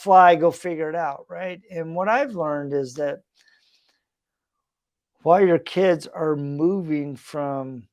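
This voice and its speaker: Middle-aged male host, earnest storyteller, fairly high voice, dry close recording. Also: darkish tone, dry recording. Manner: earnest, reflective, conversational with fillers. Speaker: podcast host. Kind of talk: personal storytelling monologue.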